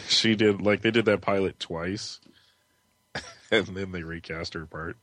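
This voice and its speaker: Super deep voiced guy geeking out about comics and tv, dry close sound. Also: steady tone, slow, a bit bright, no echo. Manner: enthusiastic, laughs while talking. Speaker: podcast co-host. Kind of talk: casual chat about TV and comics.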